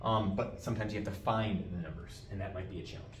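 The speaker is a man teaching geometry, his low voice quick-paced with fairly even intonation. He repeats key terms and checks in with "all right?" during the classroom lecture, picked up roomy and far from the mic with faint background noise.

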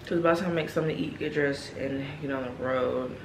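A woman's voice: a bass voice, fairly even intonation, quick pace, noisy background. Tired young woman vlogging, rambling. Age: young adult. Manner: rambling and candid, with many "like" fillers. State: tired and yawning. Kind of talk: casual talk to camera.

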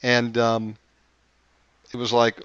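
A man's voice: medium pitch, completely flat delivery, slow pace, fairly bright tone, smooth, dry recording, dull audio. A man hosting a Christian talk show, telling a family story casually with many fillers and restarts. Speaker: show host.

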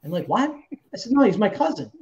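A man's voice: sits high, big pitch swings, racing, mellow, lo-fi sound. A man guest telling a heated, profane story in casual talk, quoting himself and others as he goes. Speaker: guest actor.

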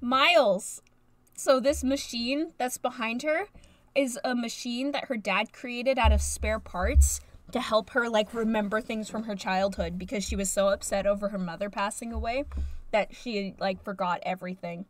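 A woman's voice: fairly high pitch, steady tone, moderate pace. A young woman from the United States chatting casually and rambling while streaming a game. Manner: rambling, chatty, frequent fillers. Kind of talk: casual live-stream chat.

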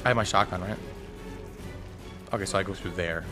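A man giving panicky, excitable commentary while playing a video game, talking to himself and cheering out loud. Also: sits low, a little fast, over music. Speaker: gameplay streamer. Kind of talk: live gameplay commentary.

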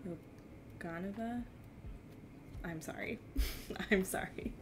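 A woman's voice: medium pitch, measured pace, background noise. A young woman from New Jersey with a slight New Jersey accent, chatting casually with her stream chat, giggly and self-deprecating.

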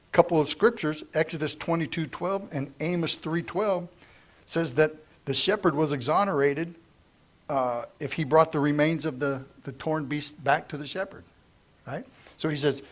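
A middle-aged man teaching through the Bible verse by verse, reading scripture aloud and then retelling it in plain, lively everyday talk. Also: a little high.

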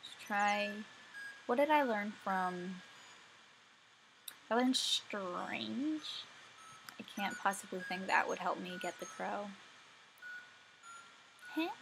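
A woman's voice: mid-range voice, slow pace, long pauses, a bit bright, slight background noise, rough recording. Sleepy woman chatting through a game. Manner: chatty, talks to herself while playing. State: sleepy, yawning. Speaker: let's play gamer. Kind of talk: casual gameplay commentary. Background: faint game music.

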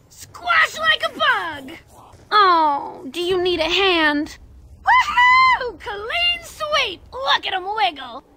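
A woman's voice: very high-pitched, pushed and bright, a little hiss or hum, heavily acted. An actress voicing a brash, wisecracking young woman who fights zombies in a video game, trash-talking as she goes. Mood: boastful.

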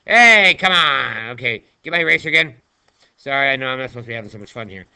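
A man's voice: medium pitch, lively intonation, fast talker, creaky, pushed and bright, clear, resonant tone. A male math teacher talking through a screen-recorded lesson in a chatty, playful way, chatting to himself as he writes.

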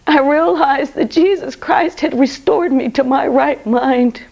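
A middle-aged woman gives a personal faith testimony in an earnest, heartfelt storytelling voice. Her fairly high voice has a gravelly, fry-laden edge, and she pads her sentences with "you know". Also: measured pace, hardly any pauses, darkish tone, dull audio. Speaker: guest sharing her testimony.

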